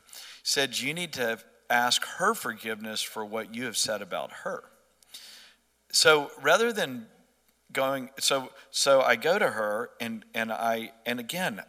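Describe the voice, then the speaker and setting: A man's voice: mid-range voice, bright, forceful tone, big-room sound. A middle-aged man earnestly telling a personal faith story in conversation, often restarting his sentences. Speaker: interview guest.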